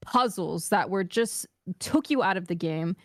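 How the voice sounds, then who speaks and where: A woman's voice: lowish voice, lively intonation, a little slow, no room sound, clean studio sound. A woman streamer in casual chat, talking through her opinions in a thoughtful, candid way.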